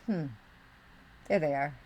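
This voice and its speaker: A woman's voice: low-pitched, takes it slowly, warm tone, dull audio. A middle-aged woman from Western New York, her accent tinged with the Midwest, chatting casually with her live-stream viewers while crafting, rambling and muttering as she searches. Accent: Western New York with Midwestern touches.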